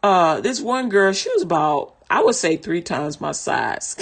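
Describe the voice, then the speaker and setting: A woman's voice: lowish voice, big pitch swings, measured pace, creaky, breathy edge. A woman casually telling a personal story in conversational, vernacular speech, often laughing and restarting her sentences.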